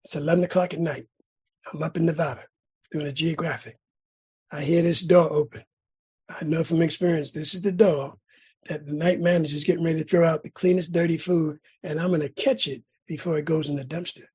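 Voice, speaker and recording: A middle-aged man from California sharing his recovery story at a meeting, telling it dramatically with sudden loud bursts and rhythmic repetition. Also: on the high side, steady tone, brisk, slightly rough. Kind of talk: personal recovery testimony.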